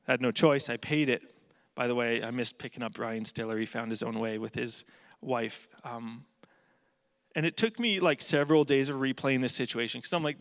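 Guy telling a funny story at church, normal pitch, voice rings around a big hall. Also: fairly quick, a bit bright. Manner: humorous, casual storyteller. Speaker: guest speaker for a charity.

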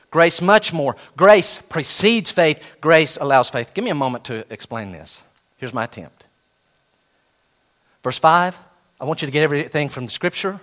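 A man preaching a sermon, animated, with sudden soft drops and slow, emphatic repetition of key phrases. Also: fairly high pitch. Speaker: pastor.

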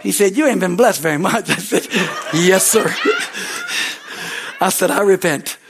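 Male pastor, middle-aged, high tenor, animated sermon delivery. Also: a little fast, gravelly, some chatter behind. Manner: animated storytelling, voice swings from soft asides to high shouting.

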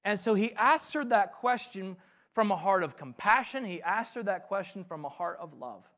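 Male pastor, sermon delivery, slightly high voice, big swings between loud emphasis and hushed asides. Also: expressive, moderate pace. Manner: swings from loud emphatic reading to quiet, softly spoken asides.

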